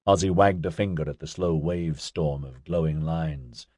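A man narrating a novel in a steady, wry storytelling manner. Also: a bass voice, moderate pace, hardly any pauses, no echo, clean studio sound. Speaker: audiobook narrator. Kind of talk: scripted narration.

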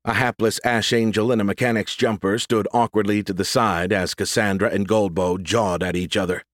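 A man narrates an audiobook in a steady, measured voice on the low side. The recording is close and dry, with no room sound. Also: no room sound.

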